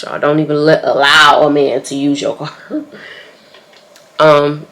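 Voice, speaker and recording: A woman's voice: deep voice, creaky. A young woman with an African American English accent telling a story time to her viewers while doing her makeup, talking casually to them as y'all. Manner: chatty, talks straight to viewers as y'all. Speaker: beauty vlogger telling a story. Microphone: camera on tripod.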